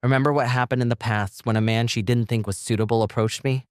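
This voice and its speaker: A man's voice: medium pitch, steady tone, quick pace, smooth, dry recording, clean studio sound, lightly acted. A man voicing a commanding young vampire woman in an audio story, with a bossy, scolding manner. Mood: firm.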